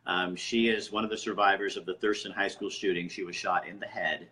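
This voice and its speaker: A man hosts a live-streamed interview over a video call. His voice sits low yet sounds bright and forceful. He talks bluntly and doesn't hesitate to scold the viewers typing in the chat. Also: steady tone, fairly quick. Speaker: host of a live online interview.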